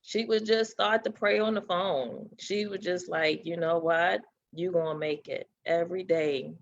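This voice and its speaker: A woman with a gravelly, creaky voice speaks candidly on a talk show, laughing through her memories. The sound is slightly dull and lo-fi. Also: fairly low pitch, fairly even intonation, a little slow, slight background noise. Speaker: guest sharing her story. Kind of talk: emotional talk-show conversation.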